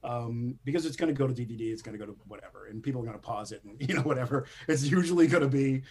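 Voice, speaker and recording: An animation screenwriter, a male guest in an interview, chats casually and rambles, laughing often and packing his speech with fillers and restarts. His voice is medium-pitched with a darkish tone, delivered rapid-fire over slight background noise.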